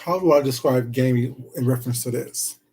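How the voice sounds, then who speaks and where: A man's voice: medium pitch, a little fast, noisy background. A man live-streaming himself eating, chatting casually and greeting viewers in the chat with pet names like "baby" and "sweetheart".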